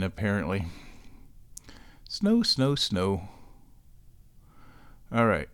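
A man's voice: fairly low pitch, clear, resonant tone. A man vlogging at home, narrating his chores step by step in a casual running commentary. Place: home, kitchen then downstairs.

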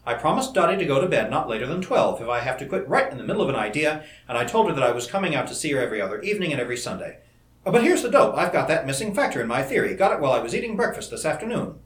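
A man's voice: on the high side, a bit bright. A man reading an eager young scientist. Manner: eager, rapid enthusiasm. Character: bright, excitable young male scientist. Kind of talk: audiobook character reading. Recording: roomy echo.

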